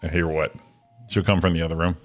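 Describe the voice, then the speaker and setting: A man co-hosting a morning show, prodding for details and laughing loudly in casual banter. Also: low-pitched, little pitch movement, quick pace, soft background music.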